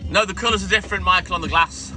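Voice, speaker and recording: With loud music playing in the background, a middle-aged milkman doing his round greets live-stream viewers by name and chats with them casually. His voice is high-pitched and racing.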